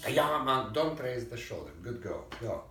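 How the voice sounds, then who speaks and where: A man's voice: medium pitch, very animated, unhurried, fairly bright tone. Man coaching a violin lesson, roomy. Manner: sings rhythms and calls out commands over playing. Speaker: violin teacher. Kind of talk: private music lesson coaching. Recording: roomy and distant, violin playing behind.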